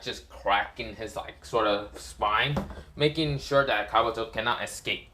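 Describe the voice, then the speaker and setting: A man's voice: medium pitch, pushed and bright. A man casually retelling a fan-made story in a rambling way, full of fillers and restarts.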